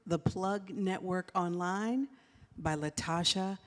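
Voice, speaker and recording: A woman reads graduate names from a list, slowly and carefully. Her voice carries a long reverb from a big hall. She sounds like a formal announcer at a ceremony. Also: on the low side. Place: live graduation event hall.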